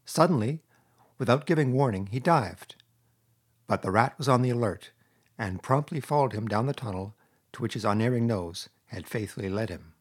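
A man narrating a classic storybook in a measured, expressive reading. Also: medium pitch, slightly rough. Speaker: audiobook narrator.

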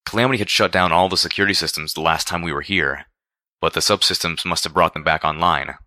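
A man narrating a first-person story with a steady, expressive reading. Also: low voice, quick pace, no echo, studio quality. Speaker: audiobook narrator.

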